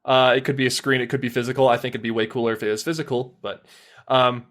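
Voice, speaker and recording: A man's voice: medium pitch, fairly even intonation, fast, fairly bright tone. A man appearing as a podcast guest, chatting in a casual, playful way as he explains things.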